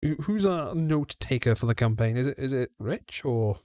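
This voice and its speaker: A man's voice: medium pitch, animated, normal speed, darkish tone, no room sound, studio quality. Chatty man at a tabletop game. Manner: chatty, restarts and fillers, probing questions. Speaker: player. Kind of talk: casual in-character tabletop play.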